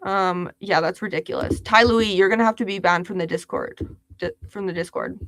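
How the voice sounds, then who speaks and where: A young woman hosts a casual livestream, chatty and giggly as she reads viewers' comments aloud. Her medium-pitched voice is a little fast and fairly bright, with no room sound.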